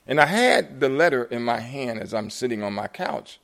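An older man, an author at a live book event, telling a story animatedly and acting out the conversations in it, at times jumping up high in surprise and at times dropping soft. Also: expressive, moderate pace, hardly any pauses. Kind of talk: storytelling talk.

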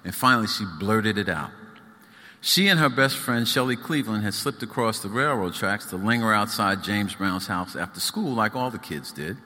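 A man's voice: on the low side, expressive, normal speed, pushed and bright. A man reading his own book aloud at a live event, with rhythmic, emphatic storytelling. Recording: echoey hall.

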